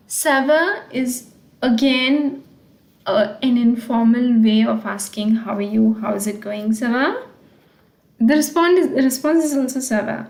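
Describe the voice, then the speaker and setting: A woman teacher explains a language lesson at a slow, careful pace. Her voice sits a little high, and she repeats each word patiently. The room gives a noticeable echo. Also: gravelly, darkish tone. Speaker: French teacher.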